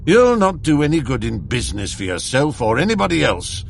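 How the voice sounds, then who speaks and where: A man's voice: mid-range voice, huge pitch swings, brisk, creaky, a little hiss or hum, voice pushed up. A man voicing a stern, irritable older employer who scolds his clerk in curt, pompous speech. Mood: angry.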